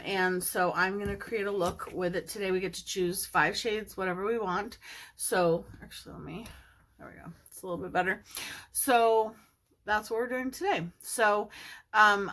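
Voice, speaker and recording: A woman's voice: on the low side, fairly bright tone. A woman hosting her own beauty channel, chatting casually and gushing enthusiastically about her friends and a makeup collaboration. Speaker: beauty YouTuber. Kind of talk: casual makeup vlog chat.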